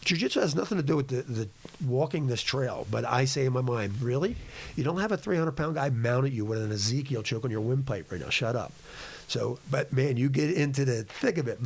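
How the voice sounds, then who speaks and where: A middle-aged man as a podcast guest, telling stories in a rambling, gruff and blunt way. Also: medium pitch, darkish tone. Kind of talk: casual chat.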